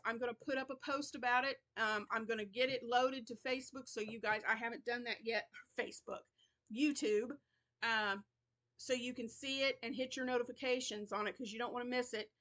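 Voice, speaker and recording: Middle-aged woman, channel host, casual rambling chat, a bit tired, slightly high voice. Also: sharp tone. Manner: chatty, rambling, yawns and laughs between thoughts.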